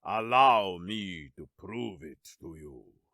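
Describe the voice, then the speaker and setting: A chillingly calm alien auctioneer, put on by a man narrating a sci-fi story. He speaks slowly, low and smooth, with a dry, close sound and a theatrical, commanding edge. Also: no room sound, exaggerated voice.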